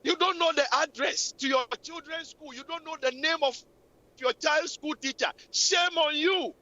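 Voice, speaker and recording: A woman's voice: high voice, steady tone, moderate pace, pushed and bright. A woman hosting a radio talk show, scolding and preaching relationship advice in a repetitive, impassioned way. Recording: lo-fi radio recording.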